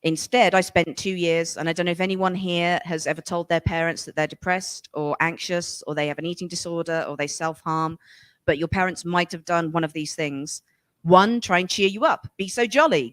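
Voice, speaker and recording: A woman's voice: on the low side, normal speed, dry recording. A woman from England in her forties, an author talking frankly in a casual conversation, acting out the voices of people she quotes. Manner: animated, acts out voices when quoting people; frank and emphatic, swears casually. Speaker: author and guest.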